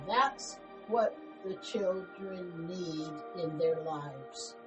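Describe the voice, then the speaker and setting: An older woman in an interview offering reflective, homespun advice. She speaks very slowly and takes her time with each thought, while music plays clearly behind her. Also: lowish voice. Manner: slow, reflective advice-giving. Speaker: podcast co-host. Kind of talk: casual interview chat.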